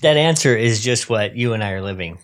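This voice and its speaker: A man co-hosting a casual podcast chat, an animated storyteller who slips into impressions. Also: lowish voice, fairly quick. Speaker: podcast co-host.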